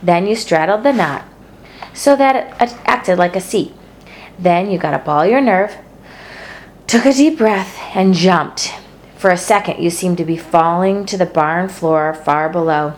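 A woman narrates a children's novel aloud. Her delivery is steady and gentle, and her voice sits a little low for a woman. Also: a little slow, a little hiss or hum. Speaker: storybook narrator.

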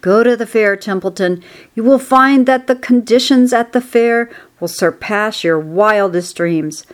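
A woman's voice: mid-range voice, measured pace, natural voice. A woman voicing a wise old sheep in a storybook reading, relishing and persuasive.

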